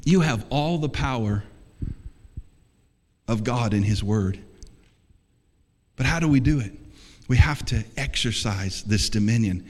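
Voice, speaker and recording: A man's voice: mid-range voice, unhurried, pauses often. A man preaching an emphatic sermon as pastor, calling for responses from the congregation. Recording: long reverb of a large hall.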